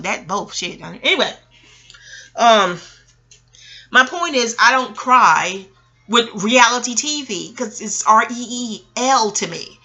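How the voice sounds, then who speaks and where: Bright, chatty, profane woman rambling. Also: mid-range voice, gravelly, slightly rough. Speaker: online commentary creator. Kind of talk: rambling casual monologue.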